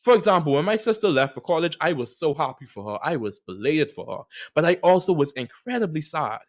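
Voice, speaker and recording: Young adult man, podcast host, fairly high pitch, expressive solo monologue with playful swings. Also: brisk. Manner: animated, playful riffs with big swings in pitch and loudness.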